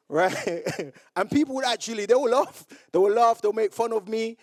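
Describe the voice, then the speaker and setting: Man, young adult, from Jamaica, high-pitched, lively storytelling, motivational speech. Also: normal speed, few pauses. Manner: animated storyteller who acts out remembered dialogue. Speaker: public speaker. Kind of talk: motivational speech to a live audience. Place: awards event room with audience.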